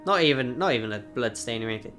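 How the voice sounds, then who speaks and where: A man's voice: medium pitch, animated, quick pace, a bit bright, faint music behind. A man hosting a game video, reading dialogue aloud with jokey asides and self-mocking laughs. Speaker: gaming video host.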